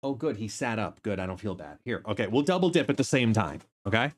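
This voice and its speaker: A man's voice: fairly low pitch, animated, fast talker. A man chatting casually on a live game stream, sleepy and talkative, greeting viewers. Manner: drowsy, chatty, breaks into silly sung ditties.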